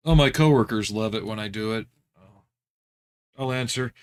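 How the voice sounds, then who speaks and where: Male streamer, casual and wry, deadpan jokes. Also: on the low side, normal speed. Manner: wry, joking, deadpan asides. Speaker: livestreaming model builder. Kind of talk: casual livestream chat.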